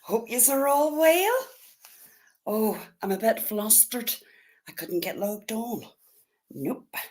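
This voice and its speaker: Her voice is on the high side, expressive and a little mellow, and she speaks slowly. She's a livestream host from Northern Ireland who chats casually in a Northern Irish accent, welcoming viewers one at a time.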